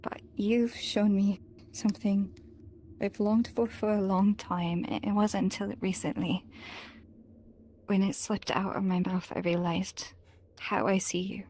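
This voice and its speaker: A woman's voice: medium pitch, little pitch movement, a little slow, mellow, a little hiss or hum. A woman doing in-character voice roleplay, earnest and emotional, often dropping to a whisper. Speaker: roleplay player.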